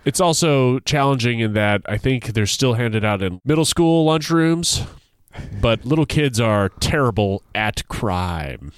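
Male podcast co-host, unhurried, animated pitch, dry jokey delivery, close dry mic. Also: clear, resonant tone, no room sound. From United States. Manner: dry joking, reads ad copy with mock grandeur. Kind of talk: casual chat.

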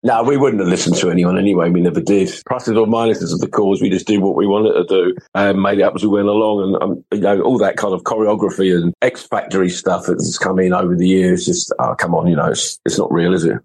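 An older musician telling relaxed, self-deprecating stories as a podcast guest. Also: male voice, low-pitched, fast talker, hardly any pauses, breathy edge, low-quality recording. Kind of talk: casual storytelling interview.

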